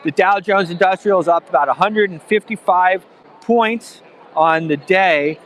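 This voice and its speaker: A livestream host commentates on an event from outside a conference venue, speaking at a measured pace in a high, somewhat bright voice. His talk wanders, packed with fillers and false starts, and a little hiss or hum sits in the recording.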